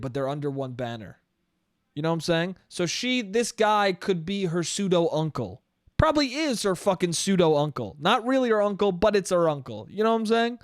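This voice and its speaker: A man's voice: fairly high pitch, clean tone, dry recording, studio quality. A man hosting a solo comedy podcast, rambling and profane, often laughing at his own jokes. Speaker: podcast host.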